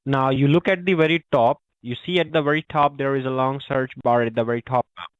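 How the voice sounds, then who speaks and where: A man's voice: mid-range voice, fairly even intonation, brisk, clean tone, no room sound. Support-agent caller, man, mid voice, constant apologies; dull, dry phone audio. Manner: overly polite, apologetic, keeps saying ma'am. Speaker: scam caller posing as tech support. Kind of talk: scripted support phone call. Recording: muffled phone line.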